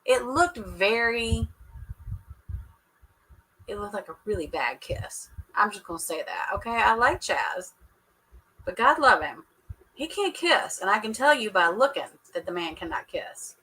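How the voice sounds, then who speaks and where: Bright, chatty woman teasing viewers. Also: medium pitch, sing-song, measured pace, pauses often, husky, rough recording. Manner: chatty, teasing, laughs often, talks to viewers. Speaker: show reaction host. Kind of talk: casual live reaction chat.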